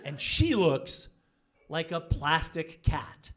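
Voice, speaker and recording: A young man doing a stand-up comedy set on a club stage, brash and profane, telling animated stories into a handheld mic. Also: on the high side, takes it slowly, slight background noise. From Canada.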